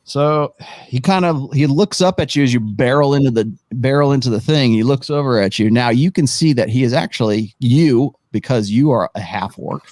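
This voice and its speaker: Man, game master, tabletop narration, rambling, thinking aloud, mid pitch, dry recording. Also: normal speed, darkish tone, dry recording. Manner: rambling, thinks aloud while arranging the map.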